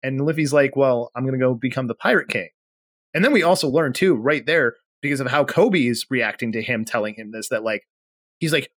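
A man co-hosting a podcast, recounting scenes with lively energy and slipping into characters' voices. His voice sits at a middle pitch and sounds close and dry, with no room around it. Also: fast, dry recording. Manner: animated retelling, acting out character lines. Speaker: podcast co-host. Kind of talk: casual chat.

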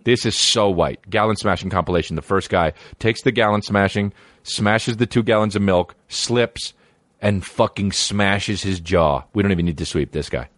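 A man's voice: on the low side, normal speed, fairly bright tone, dry recording. A young man reacting to videos in rambling, profane casual commentary, full of stammered restarts.

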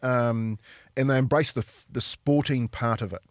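On the radio, a former rugby league player from New Zealand tells chatty stories, laughing and calling people "mate" often. His voice is mid-range, his pace moderate, and the recording dry.

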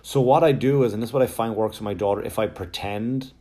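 A middle-aged man from Ireland with a softened Wexford accent, hosting a casual solo podcast in a rambling, self-mocking way. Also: fairly low pitch, fast. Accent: Wexford Irish, softened. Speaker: podcast host.

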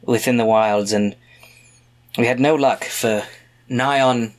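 A man's voice: medium pitch, steady tone, slow pace. A man earnestly playing his character in a tabletop game. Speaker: player.

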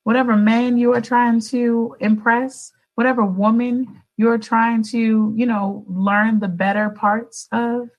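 A woman's voice: fairly high pitch, flat delivery, a little slow, few pauses, a little mellow, rough recording. A young adult woman vlogging in a casual, rambling motivational chat, speaking to her viewers with affectionate asides.

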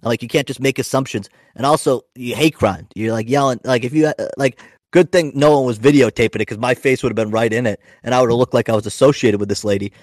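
A man's voice: medium pitch, quick pace, no room sound, studio quality. A young man, a podcast host and stand-up comic, telling rambling, profane stories with lots of restarts. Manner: rambling, profane, self-interrupting anecdotes. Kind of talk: casual podcast storytelling.

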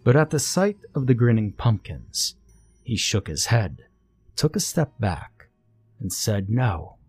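Male narrator for a scary story: slow, deliberate, ominous read, low pitch, soft music underneath. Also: very animated, husky, dry recording. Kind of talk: scripted horror story narration. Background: faint music.

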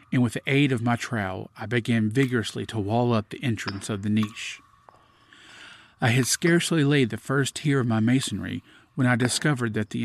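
A man giving a measured, grave dramatic reading of a classic gothic story as podcast host. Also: medium pitch, slight background noise.

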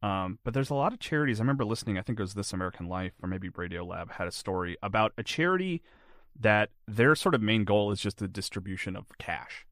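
A man's voice: lowish voice, expressive, fast, a bit bright, dry recording, clean studio sound. A man chatting casually as an interview guest, rambling and filling his answers with "like". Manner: rambling, heavy use of "like" fillers. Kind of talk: casual chat.

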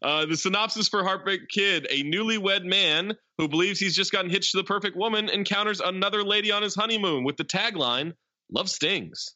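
A man hosting a movie podcast, reading intros and credits in a brisk listing way. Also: sits high, bright, forceful tone, no room sound, highs cut off. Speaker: podcast host. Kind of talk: casual podcast movie chat.

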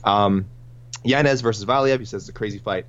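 A podcast co-host with a fairly low voice talks fairly quickly on a casual sports show, rambling through listener picks and correcting himself as he goes. The lo-fi recording is muffled, with a faint hum.

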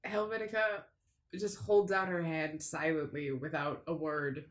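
A woman playing a tabletop role-playing game, voicing her character with animated, expressive delivery. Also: low voice, measured pace. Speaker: player.

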